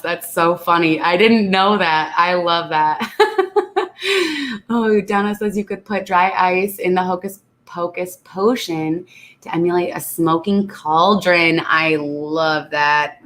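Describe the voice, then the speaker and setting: A woman's voice: on the low side, fairly bright tone. A woman hosting a casual live stream, reading viewer comments aloud and chatting with frequent laughter, a little congested. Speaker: channel host reading live chat.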